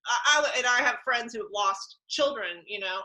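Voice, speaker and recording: Bright high-voiced woman telling lively stories. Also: normal speed, rough recording. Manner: animated storyteller, acts out quotes. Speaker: podcast host. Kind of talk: casual faith conversation.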